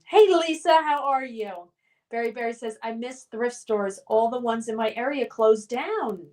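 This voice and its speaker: A woman hosts a casual livestream, reading her viewers' chat messages aloud and answering them. Her voice sits a little high, and she talks in a loose, friendly way. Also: darkish tone. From United States. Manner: chatty, reads chat names then responds. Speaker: streamer hosting a trivia game.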